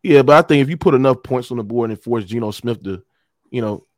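A man's voice: mid-range voice, quick pace, dry recording, clean studio sound. A man arguing football picks in a casual sports debate, hesitant and full of repeated filler phrases. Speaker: panelist.

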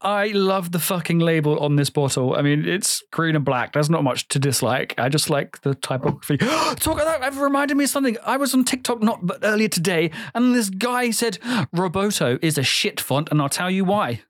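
A man's voice: high voice, expressive, a little fast, few pauses, dry recording. Chatty young man, dry sound. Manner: chatty, swears freely, laughs often. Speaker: podcast host. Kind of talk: casual chat.

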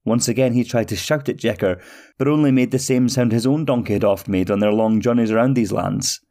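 Man, podcast storyteller, steady expressive narration, mid pitch. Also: a little fast.

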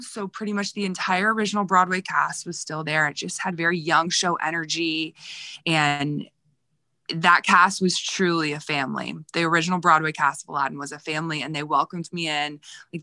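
A woman's voice: low voice, bright, forceful tone, no echo. A woman telling backstage stories in a casual interview, chatty and full of fillers, getting emotional. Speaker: Broadway dresser.

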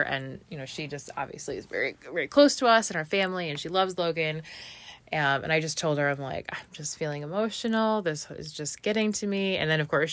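A woman's voice: sits low, fairly bright tone, no room sound. A woman in her thirties, a mother, telling a heartfelt personal story in a chatty way, with many fillers and restarts. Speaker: vlogger, mother.

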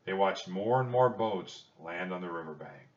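Deep-voiced man narrating a storybook. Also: lively intonation, normal speed, distant mic, lo-fi sound.

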